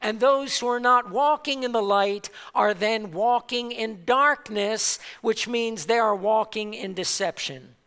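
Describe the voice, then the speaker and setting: A man preaching a sermon as pastor, slow and emphatic, with dramatic pauses and repeated stresses. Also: high-pitched, bright, forceful tone, clear, resonant tone. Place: church sanctuary. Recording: long hall reverb.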